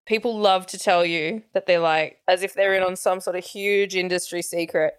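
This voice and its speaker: A woman's voice: lowish voice, steady tone, moderate pace, hardly any pauses, clean tone, no room sound, clean studio sound. A woman co-hosting a podcast, candid and rambling, laughing often in casual chat. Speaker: podcast co-host.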